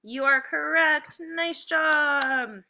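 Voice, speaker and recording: A woman teacher with a very bright, sharp-edged voice pitched a touch high leads first graders through phonics drills. She calls out sounds slowly and crisply and cheers them on as they go. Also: slight background noise. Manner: slow, clearly enunciated drill prompts; encouraging, upbeat praise. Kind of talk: phonics lesson video for students at home.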